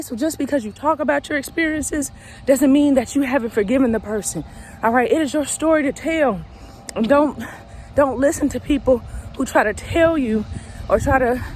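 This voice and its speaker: A woman's voice: high-pitched, normal speed, darkish tone, slight background noise. A woman coach, a little out of breath, giving an emphatic, preachy motivational talk that repeats its points. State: slightly out of breath. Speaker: recovery coach. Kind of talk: motivational direct-to-camera talk.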